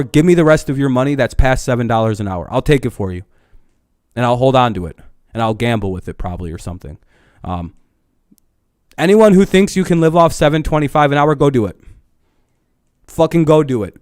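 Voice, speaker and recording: A young man on a live stream in a heated, profane rant. His voice is smooth and clear, recorded dry and close. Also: medium pitch, a little mellow, no room sound.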